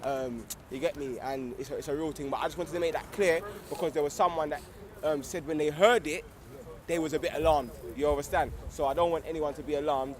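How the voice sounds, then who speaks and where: A young English man, organiser of a street discussion circle, talks casually outdoors with a crowd behind him. His voice is on the high side, brisk and fairly even in intonation, packed with slang and repeated "you get me", and grows fervent and loud.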